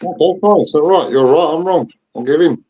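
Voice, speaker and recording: A guest on a live stream, a man, answering in short, halting, defensive replies. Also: fairly high pitch, dark tone, slightly rough, dull audio.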